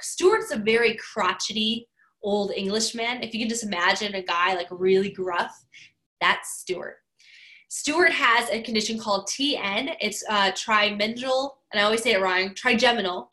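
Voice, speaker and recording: A woman's voice: medium pitch, bright, forceful tone, rough recording. A woman in her forties giving an emphatic motivational talk, driving points home by repeating key phrases. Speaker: motivational speaker.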